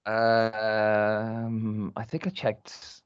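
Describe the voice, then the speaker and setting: A man's voice: fairly low pitch, monotone, extremely slow, clean tone, no echo. A man from Ireland telling a rambling, laugh-filled anecdote in casual podcast chat, swearing freely. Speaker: podcast co-host. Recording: muffled dry recording.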